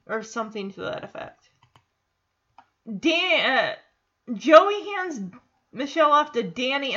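A woman's voice: a little high, a bit bright, dull audio. A woman giving a casual, sarcastic recap of a sitcom episode, reading out the characters' lines and laughing often.

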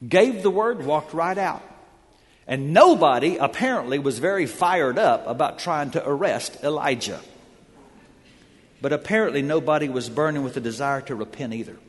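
A man's voice: on the high side, in a large hall. A man preaching a sermon, telling the story with dramatic energy in a church sanctuary. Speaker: pastor.

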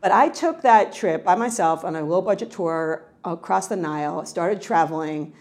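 A middle-aged woman from New York, a researcher answering interview questions in a lively, conversational way, often restarting her sentences. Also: on the low side, moderate pace. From New York, United States. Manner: animated, frequent self-corrections and restarts. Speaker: cultural psychology researcher.

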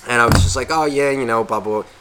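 A man co-hosting a podcast, telling a story in a casual, profane, animated way and acting out quotes. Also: mid-range voice, quick pace, background noise. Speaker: podcast co-host.

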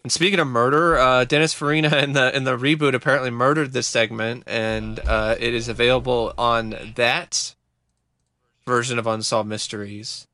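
A man co-hosting a podcast, chatting casually in a measured, hesitant way. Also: mid-range voice, fairly even intonation, bright, forceful tone, no room sound. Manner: hesitant, lots of uh fillers, measured. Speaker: podcast co-host. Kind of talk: casual chat.

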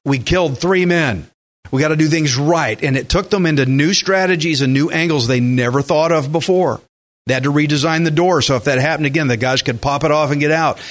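In a fairly high voice and at a brisk clip, a man preaches as pastor, lively and performing the voices of those he cites.

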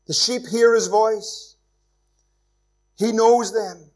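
At a very slow pace and with a steady tone, a high-voiced pastor from Northern Ireland delivers an evening church sermon. His earnest pleading rises to forceful peaks, then falls into almost whispered, intimate moments.

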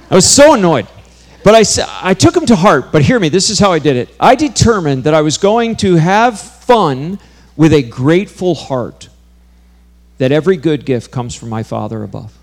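A man's voice: on the high side, sing-song, normal speed. Earnest man preaching a sermon. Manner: earnest, builds to intense emphatic peaks. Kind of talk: sermon storytelling.

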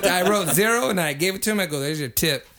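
Animated swearing young man telling a story. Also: high-pitched, rapid-fire, creaky, a loud crowd. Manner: animated, swears a lot, gets loud acting out quotes. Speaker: podcast co-host. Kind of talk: casual storytelling chat.

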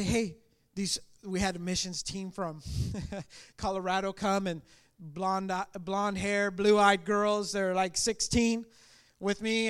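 High-voiced impassioned male preacher. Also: smooth. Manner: impassioned, earnest, swings from loud declarations to quiet asides. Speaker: preacher and missionary. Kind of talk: testimony sermon.

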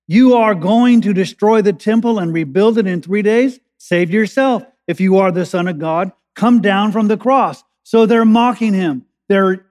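Preaching a sermon in a church sanctuary, this man has a high, slightly mellow voice. Key phrases get slow, emphatic pauses, his urgency climbs as the argument builds, and each line trails away into long hall reverb.

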